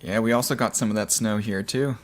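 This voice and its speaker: A man's voice: fairly low pitch, steady tone, brisk. Co-host guy in a coffee shop, laid back, dry jokes. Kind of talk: casual chat.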